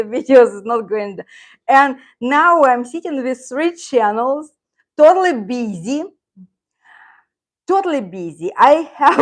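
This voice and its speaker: A woman's voice: a little high, creaky. Middle-aged woman, Russian accent, casual live-stream chat, rambling, laughs often. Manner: rambling, reads viewer comments, laughs often. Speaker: channel host, Russian teacher.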